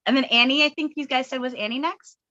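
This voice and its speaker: A woman's voice: sits high, steady tone, fast, bright, forceful tone, muffled recording. A Canadian woman in her thirties giving a rambling, giggly spiritual reading on a video call. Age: 30s. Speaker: guest channeler. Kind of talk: casual spiritual reading on a webinar.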